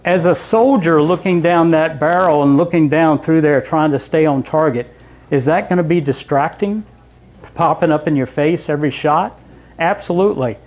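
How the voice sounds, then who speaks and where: A man lecturing from slides in a relaxed, conversational way. His voice sits a touch higher than most men's. He walks the audience through the material step by step, with small asides. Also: moderate pace. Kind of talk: public history lecture with slides. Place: library lecture room.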